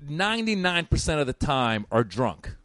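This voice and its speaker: A man's voice: a little high, normal speed, no echo. Talkative man from Iran, dry sound. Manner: animated storyteller, restarts and repeats words. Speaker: stand-up comedian. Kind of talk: casual podcast chat.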